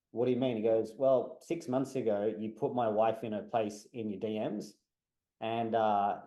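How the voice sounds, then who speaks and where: A man's voice: on the low side, warm tone. A man, talking bluntly and heatedly as a podcast guest, swearing freely. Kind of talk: casual podcast chat. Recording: echoey room.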